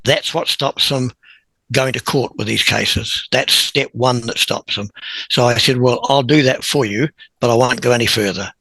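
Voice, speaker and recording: A man, a podcast guest telling a long story in a lively, chuckling way. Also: mid-range voice, normal speed, dry recording, poor audio. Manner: animated anecdote-teller who chuckles and clears his throat. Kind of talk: conversational storytelling.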